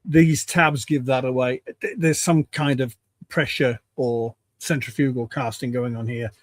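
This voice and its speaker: A man at his home workbench, chatting in a relaxed, rambling way on a livestream. He is slightly out of breath, and the sound is dry, with little room echo. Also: medium pitch, measured pace. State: a bit out of breath. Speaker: co-host. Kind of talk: casual livestream chat.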